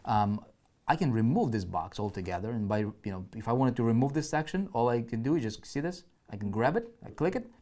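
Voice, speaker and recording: A man's voice: medium pitch, expressive, a little fast, a little mellow. A man teaching online marketing on a live screen-share, chatty and full of "right?" check-ins and restarts, with keyboard typing heard behind him.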